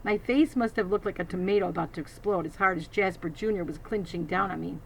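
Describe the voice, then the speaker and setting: A woman's voice: on the low side, fast, creaky, a little hiss or hum, rough recording. A woman reading a children's novel aloud, adding teacherly asides to her listeners. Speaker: reader.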